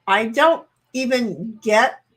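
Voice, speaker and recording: A woman's voice: a little high, slow. A woman hosting a livestream alone, chatting casually with her viewers, reading out their comments and rambling in a playful, self-deprecating, confused way.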